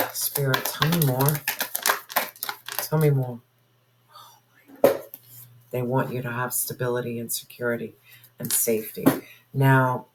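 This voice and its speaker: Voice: medium pitch, slight background noise, low-quality recording. A tarot reader giving a spoken reading to viewers, musing aloud and asking spirit questions in an intuitive way.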